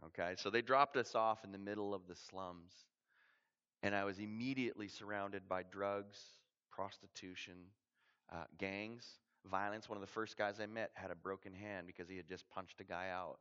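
Canadian male preacher, lively storyteller who acts out the voices and drops to near-whispers for effect, somewhat muffled recording. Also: mid-range voice, normal speed. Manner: animated storyteller, acts out dialogue, dramatic drops to quiet. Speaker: missionary preacher. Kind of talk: sermon storytelling.

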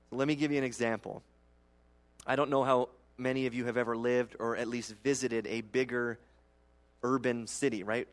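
A man preaching a conversational sermon as a pastor, often checking in with the audience with rhetorical asides and acting out other people's complaints. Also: mid-range voice.

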